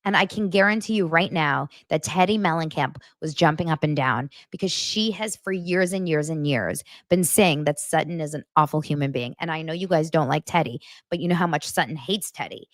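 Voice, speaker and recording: A podcast host with a deep voice recaps reality TV on her casual gossip show, talking briskly with hardly any pauses. She's animated and blunt, swears freely, and acts out quotes in voices. The studio sound is clean, with no room sound.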